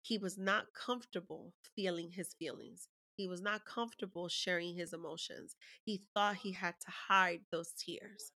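A woman's voice: fairly low pitch, fairly even intonation, normal speed, hardly any pauses, bright, forceful tone. A woman candidly telling a personal parenting story in conversation, openly emotional and swearing freely.

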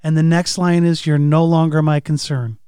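Slightly high-voiced man, dry sound. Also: flat delivery, normal speed, dark tone, clear, resonant tone, dry recording. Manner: speculative, questioning, conversational. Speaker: podcast co-host. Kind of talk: casual analytical chat.

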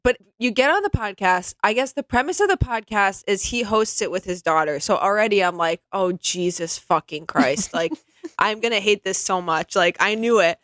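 A woman's voice: mid-range voice, animated, a little fast, a bit bright, no echo. A woman co-hosting a podcast, riffing in a sardonic, exasperated, comedic way. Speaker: podcast co-host. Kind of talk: casual comedic chat.

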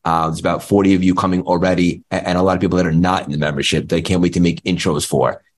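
A man's voice: deep voice, flat delivery, fast talker. A man hosting a live online community talk, effusive and emotional, stammering over his words. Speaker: host.

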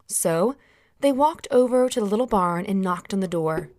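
A woman gently reads a children's Bible story, inviting her young listeners to answer aloud, though her voice is still recovering from having been lost. Her mid-range voice has lively intonation at normal speed, in a dry, studio-quality recording.

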